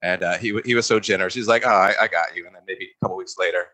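A man guest on a podcast, animated and laughing often as he tells stories from a past job on set. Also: low voice, racing, low-quality recording. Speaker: guest, former stand-in. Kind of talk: casual podcast chat.

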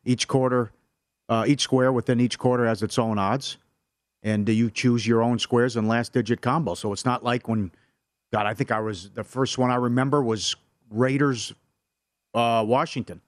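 Man, 40s, sports betting co-host, chatty, medium pitch, dry close studio sound. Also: steady tone, normal speed, dry recording. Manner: chatty, jumps in with memories and reactions. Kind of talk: casual radio chat.

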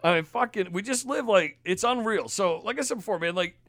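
A man hosting a podcast, ranting angrily with heavy profanity and loud emphasis. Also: sits high, lively intonation, brisk, dry recording. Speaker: podcast host.

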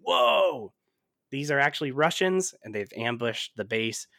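Animated man chatting about films. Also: mid-range voice, unhurried, vocal fry, no room sound, studio quality. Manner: animated, laughing often, trailing fillers. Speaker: podcast host. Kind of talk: casual movie-review chat.

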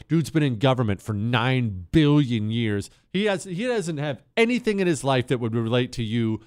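Animated, sarcastic male radio host. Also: medium pitch, fairly quick, few pauses, dry recording, clean studio sound. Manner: animated and emphatic, sarcastic asides. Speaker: radio talk show host. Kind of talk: opinionated talk radio monologue.

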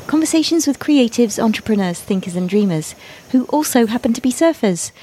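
A woman's voice: on the high side, expressive, fairly quick, warm tone, breathy edge. A woman hosting a podcast, enthusiastic and chatty as she introduces and interviews her guest. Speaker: podcast host.

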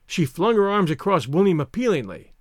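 Expressive male storyteller, high voice. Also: fairly quick, no room sound, studio quality. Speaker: narrator. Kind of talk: scripted story narration.

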